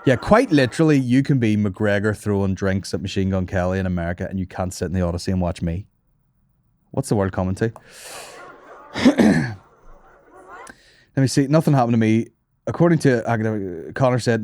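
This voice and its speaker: A man's voice: on the low side, fairly quick, pauses often, darkish tone, dry recording, clean studio sound. A young man, hosting a comedy podcast in a rambling, sweary monologue and laughing at his own jokes.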